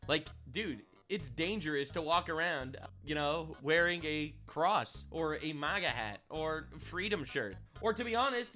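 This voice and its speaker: A man talking through clips in a loose, sarcastic commentary style, repeating lines for effect. His voice is bright and forceful and sits a little high for a man, with faint music behind him. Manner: sarcastic and indignant, repeats phrases. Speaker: online commentator. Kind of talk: casual reaction commentary.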